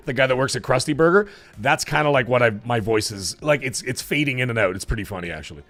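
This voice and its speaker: A man with a hoarse, cracking voice hosting a live stream, chatting casually and rambling with fillers as he thanks viewers. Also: medium pitch, animated, quick pace, fairly bright tone, soft background music. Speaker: livestream show host.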